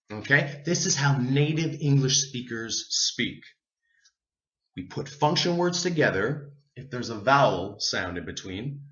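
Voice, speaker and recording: Slow, lively-pitched man teaching pronunciation. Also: reverberant, lo-fi sound. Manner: slow, deliberate, drawing out sounds for learners. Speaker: English teacher. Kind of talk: pronunciation lesson.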